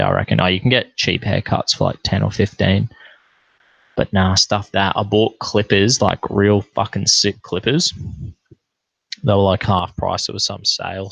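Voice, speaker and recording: A man's voice: sits low, creaky, a bit bright, breathy edge, no echo. A young Australian man in a casual late-night livestream, rambling, laid-back and full of swearing. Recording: dull lo-fi stream audio.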